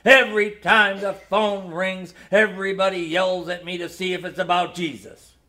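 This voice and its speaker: A man's voice: sits high, flat delivery, moderate pace, pushed and bright. A man reading the part of an exasperated, grumbling middle-aged father who mutters his complaints.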